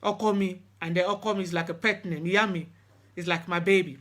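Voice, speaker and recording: A woman's voice: fairly low pitch, steady tone. Earnest middle-aged woman. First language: Yoruba. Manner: earnest, halting, with many restarts. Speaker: spiritual practitioner. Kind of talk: personal storytelling talk.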